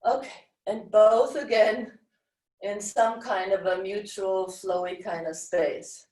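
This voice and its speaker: A woman teaching a live-streamed dance class, giving slow guiding cues and chanting rhythm syllables. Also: mid-range voice, fairly even intonation, darkish tone. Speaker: dance instructor. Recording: roomy echo, voice from far off the mic.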